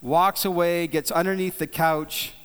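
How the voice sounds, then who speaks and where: A man preaching a sermon, telling a folksy story in a relaxed, conversational way, with frequent restarts and repeated words. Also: a little high, a little slow, clean tone. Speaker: pastor. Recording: long hall reverb.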